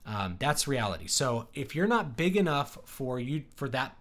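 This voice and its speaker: A man of ordinary, middling pitch hosts a casual livestream. He talks in a loose, rambling way, full of ums and restarts, as he answers viewer messages. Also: sing-song, moderate pace, fairly bright tone. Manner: rambling, conversational, many fillers. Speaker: livestream host.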